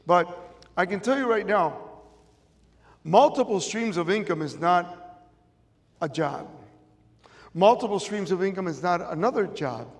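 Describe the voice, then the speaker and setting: A middle-aged man with a Chicago accent speaks a little slowly on stage, leaving long pauses, his high voice carrying lively intonation. It's an emphatic motivational talk full of repeated key phrases, recorded in an audience-filled event room with long large-room reverb.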